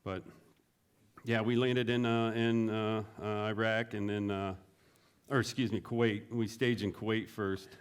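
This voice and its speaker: A man's voice: lowish voice, measured pace, clean tone. A middle-aged man, a veteran, telling stories in a casual way, often laughing and raising his voice to act out what others said. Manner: animated, laughing, acts out quotes in a raised voice. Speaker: veteran guest. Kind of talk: casual storytelling.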